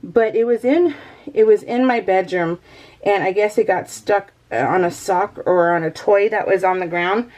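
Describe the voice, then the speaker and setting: A woman's voice: mid-range voice, moderate pace, a little mellow. A middle-aged woman talks casually to her viewers from home. She rambles and restarts her sentences and often laughs as she goes. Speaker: crafting vlogger. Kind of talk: casual chat.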